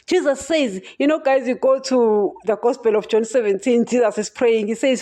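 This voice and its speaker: A woman preaches on her podcast in a fervent, emphatic way, calling out to her listeners again and again. Her voice sits fairly high. Its tone is warm and mellow rather than bright. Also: expressive, moderate pace. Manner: impassioned, emphatic, keeps addressing listeners as "guys". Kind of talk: podcast sermon.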